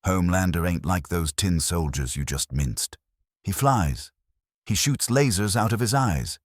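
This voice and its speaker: A man voicing a desperate, vengeful vigilante who talks in rough, brash slang with a thick, guttural accent. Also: low voice, lively intonation, measured pace, no room sound, studio quality, voice pushed up. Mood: gruff, desperate. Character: desperate, vengeful male vigilante leader, bitter and blunt.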